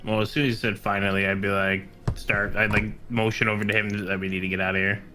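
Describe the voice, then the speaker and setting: A man's voice: lowish voice, level tone, fast talker, music in the background. A man playing in a tabletop game, talking casually and hesitantly. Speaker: player.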